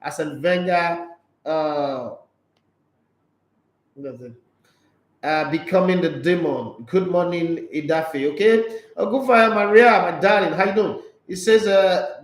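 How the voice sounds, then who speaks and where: A Nigerian man hosting a casual sports live stream, reading out viewer comments and answering in a blunt, animated way, slipping into Pidgin. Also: high voice, a little slow, echoey room, rough recording.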